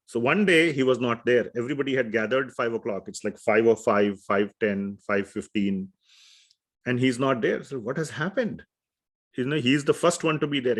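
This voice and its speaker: A man teaching a scripture class in a conversational way, often asking his students questions and telling stories. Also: mid-range voice. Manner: conversational, asks the class questions, tells anecdotes.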